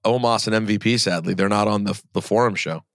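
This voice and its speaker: A man hosting a podcast in casual chat, talking in quick asides. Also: on the low side, fairly bright tone, no room sound, studio quality. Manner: chatty, quick asides, quotes others in mock voices. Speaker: podcast host.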